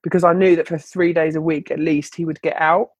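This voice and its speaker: A woman's voice: deep voice, level tone, fairly quick, a little mellow, husky, dry recording. Chatty woman, dry close sound. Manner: chatty, many "like" and "you know" fillers. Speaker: guest, children's book author. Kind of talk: candid podcast interview.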